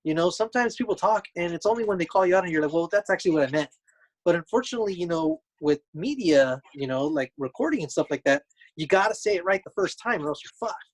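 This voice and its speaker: A young man co-hosting a podcast in casual chat, easygoing and quick to laugh, explaining his points at length. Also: high voice, animated, rough recording. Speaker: podcast co-host.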